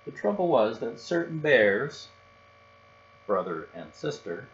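A man narrating a children's storybook aloud in a steady, gentle way. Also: medium pitch. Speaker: storybook reader. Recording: dull recording with faint hum.

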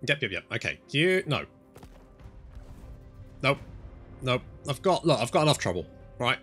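Man, gameplay commentary, animated and bright, very sweary, game music faint behind. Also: medium pitch, moderate pace. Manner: excitable, sweary, talks to units. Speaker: gaming channel host.

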